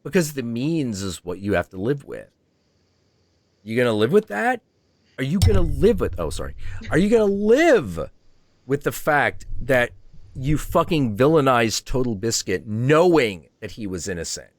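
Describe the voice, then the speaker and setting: A man's voice: medium pitch, very animated, normal speed, slight background noise. A man hosting a livestream, ranting heatedly and profanely, acting out imagined dialogue. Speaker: stream host.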